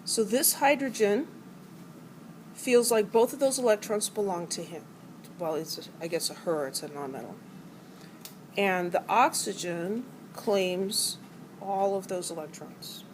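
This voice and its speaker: A middle-aged woman gives a college chemistry lecture, playfully explaining ideas by acting out atoms as arguing characters. Her pitch is medium and her pace measured, on a rough recording with slight background noise.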